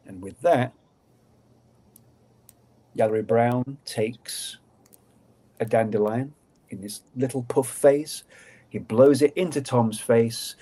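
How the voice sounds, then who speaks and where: A man, a guest storyteller on a podcast, narrating a folk tale in a lively, dramatic way. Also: medium pitch.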